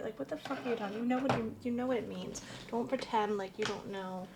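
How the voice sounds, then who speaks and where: A woman's voice: mid-range voice, fairly even intonation, quick pace, few pauses, noisy background. A woman co-hosting a reaction show, reacting to a clip with sarcastic, exasperated commentary and free swearing.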